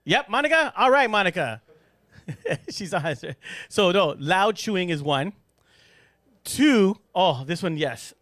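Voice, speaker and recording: A man hosting a casual podcast chat in a studio, animated and joking, laughing often. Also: high-pitched, slow, no room sound. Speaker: podcast host.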